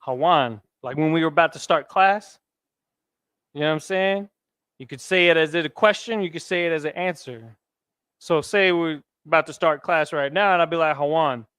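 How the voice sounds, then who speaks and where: A man's voice: a little high, moderate pace, fairly bright tone, smooth, dry recording, clean studio sound. A man teaching a class, talking casually and quizzing his students with questions. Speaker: Hebrew teacher. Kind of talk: classroom lesson.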